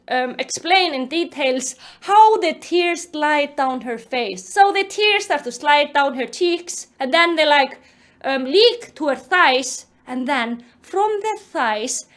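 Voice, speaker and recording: Brief: young woman, high voice, casual recap vlogger, animated and exasperated. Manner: animated, exasperated, filler-heavy retelling. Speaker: YouTube commentator. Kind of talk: casual book-recap commentary.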